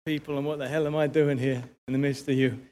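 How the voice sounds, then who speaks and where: A British man giving an award acceptance speech, halting and full of "uh" fillers, recorded in a large awards hall. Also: medium pitch, level tone, darkish tone. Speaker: award winner. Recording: reverberant hall with crowd.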